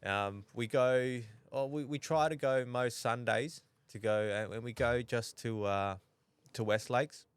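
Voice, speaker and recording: A young Australian man chatting casually as a podcast guest, halting and full of restarts. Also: mid-range voice, clear, resonant tone, no echo. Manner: halting, many restarts and fillers. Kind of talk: casual chat.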